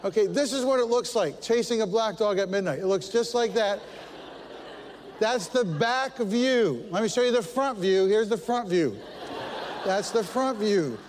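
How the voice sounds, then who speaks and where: A middle-aged man preaching a sermon, telling a story with animated, self-deprecating humor. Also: high-pitched, a little slow, in a large hall, noisy background. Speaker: pastor.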